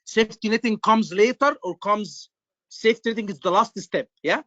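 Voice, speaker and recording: High-voiced man quizzing students. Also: moderate pace, pushed and bright, no echo, dull audio. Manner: repetitive, quizzing students, emphatic. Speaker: medical exam tutor. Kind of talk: live online lecture.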